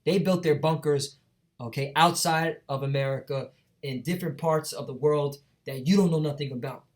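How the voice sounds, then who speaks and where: A street preacher teaches from the Bible, reading verses aloud in an emphatic, preachy style and checking in with his listener along the way. His voice sits fairly high and a little mellow, at a normal speed, and he keeps repeating "all right?" and "man."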